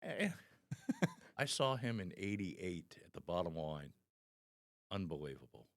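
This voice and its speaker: A low-pitched man in his sixties tells his stories with a wide, swinging pitch, acting out the people in them. He is recorded close and dry, with no room sound. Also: measured pace, dry recording. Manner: animated storyteller, acts out the people in his anecdotes. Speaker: stand-up comedian guest. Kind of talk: casual podcast chat.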